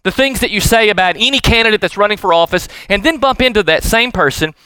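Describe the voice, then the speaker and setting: Pastor guy preaching, high bright voice, gets loud and punchy, dry sound. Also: quick pace, smooth, no echo, rough recording. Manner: animated, preachy with rising emphatic bursts. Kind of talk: sermon.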